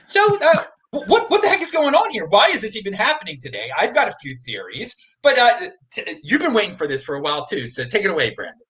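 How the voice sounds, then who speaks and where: A man hosting a live-streamed panel, talking in an excitable, ranting way. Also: high voice, fast talker, hardly any pauses. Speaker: show host.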